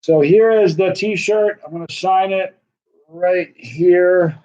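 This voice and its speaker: A man's voice: sits high, slow pace, mellow. Chatty man hosting a livestream. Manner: rambling, chatty salesman patter. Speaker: livestream host selling signed hot sauce. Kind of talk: casual livestream chat. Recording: dull, muffled lo-fi sound.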